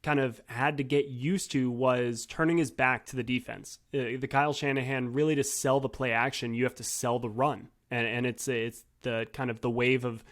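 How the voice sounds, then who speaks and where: A man who is a guest on a casual sports podcast and a sports writer, speaking at an ordinary middle pitch. He gives thoughtful, hedging analysis and often circles back to restart a thought. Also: steady tone, moderate pace, few pauses, a bit bright.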